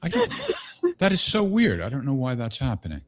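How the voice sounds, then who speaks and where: A man's voice: medium pitch, huge pitch swings, brisk. A man hosting a call-in talk show, chatty and easygoing with a bemused streak. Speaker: host. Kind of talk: casual talk show chat.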